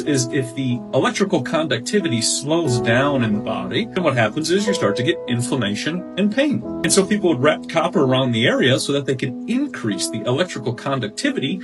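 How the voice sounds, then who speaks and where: A man speaking confidently in a lecturing way, explaining health claims in a podcast-style talk. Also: medium pitch. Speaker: wellness speaker. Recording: guitar music under the voice.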